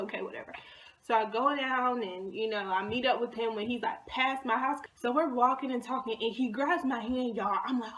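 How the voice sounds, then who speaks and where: A young woman vlogger telling a personal story in a casual, slangy way, acting out her own past lines and dropping into hushed asides. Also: fairly high pitch, brisk, a little hiss or hum. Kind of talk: storytime vlog.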